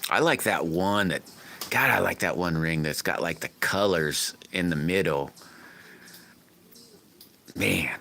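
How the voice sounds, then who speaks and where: A man's voice: low voice, slow pace, creaky, long pauses, bright, forceful tone, a little hiss or hum. A man hosting a casual livestream, chatting with viewers in a folksy, rambling way from his home workshop. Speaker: livestream host. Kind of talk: casual live-stream chat, answering comments.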